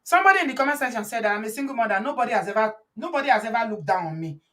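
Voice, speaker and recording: A woman hosting a casual gossip chat, cutting in with quick, forceful remarks. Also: fairly high pitch, lively intonation.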